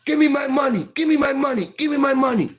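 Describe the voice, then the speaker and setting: A man's voice: very high voice, fast, voice pushed up. A man playing a furious threatening uncle. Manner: demanding, repeating himself. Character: furious armed middle-aged uncle.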